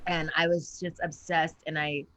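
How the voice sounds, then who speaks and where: A woman poet as a guest in a casual interview, telling animated, profane stories with excited outbursts. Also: deep voice, normal speed.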